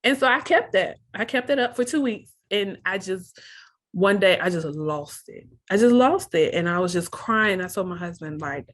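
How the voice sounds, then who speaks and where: A woman's voice: medium pitch, moderate pace. A young woman telling her own story of pregnancy loss, candid and earnest, reenacting her own thoughts as she goes. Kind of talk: emotional personal storytelling.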